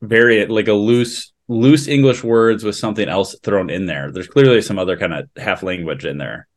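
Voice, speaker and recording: A man co-hosting a podcast in casual chat, reacting often with quick "yeah, yeah" backchannels. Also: fairly low pitch. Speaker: podcast co-host.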